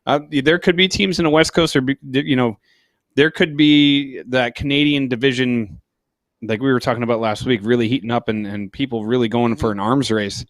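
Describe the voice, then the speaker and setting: A man's voice: mid-range voice, fairly even intonation, moderate pace, no room sound. A man co-hosting a podcast, chatting about hockey in a talkative, jokey way. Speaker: podcast co-host. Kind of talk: casual sports chat.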